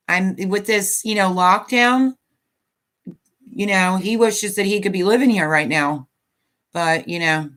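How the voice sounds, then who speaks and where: A woman in her fifties with a mid-range, slightly bright voice hosts a casual live stream. She rambles as she chats and reads viewer comments aloud.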